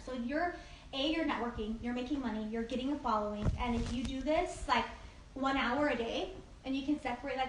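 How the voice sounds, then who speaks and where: A woman's voice: high-pitched, fast talker, fairly bright tone. A woman giving a casual group training talk on networking, upbeat and chatty, with frequent "like" and "okay?". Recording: echoey room, mic from a distance, faint noise.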